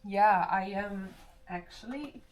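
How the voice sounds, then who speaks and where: Female streamer, casual chat with viewers, relaxed unhurried delivery, mid-pitched voice, rambling asides as she reads chat aloud. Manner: chatty, reads and answers chat while doing her hair; rambling, with restarts. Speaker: livestreamer.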